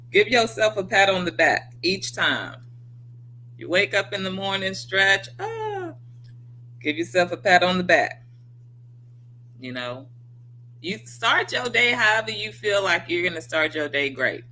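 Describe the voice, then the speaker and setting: Casting: bright, vivid woman, warm livestream host giving motivational talk, faint hum behind. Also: lowish voice, poor audio. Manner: earnest, encouraging, talks straight to viewers; acts out quoted inner voices.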